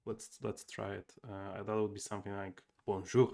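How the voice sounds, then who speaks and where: A young man talks himself through his moves as he plays a board game live, stopping now and then to greet viewers. His voice sits low and has a gravelly edge, and he keeps things loose and chatty. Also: monotone, normal speed. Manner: thinking aloud, chatting with viewers. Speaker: game streamer. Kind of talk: casual livestream commentary.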